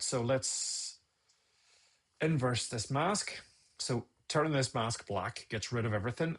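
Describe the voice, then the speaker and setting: A man's voice: mid-range voice, creaky, husky. A man casually talking viewers through a photo edit on a live stream, rambling and thinking aloud as he works.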